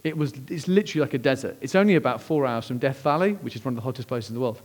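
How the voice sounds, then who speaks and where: A pastor preaches a sermon built around a personal story, swinging animatedly between hushed, slow moments and excited outbursts. He acts out quoted voices with big jumps in pitch and goes quiet and slow at emotional points.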